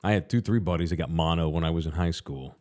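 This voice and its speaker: A man's voice: sits low, fast, darkish tone. A man hosting a casual podcast, talking in a loose, rambling way with fillers. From San Antonio area. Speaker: podcast host. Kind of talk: casual sports podcast chat.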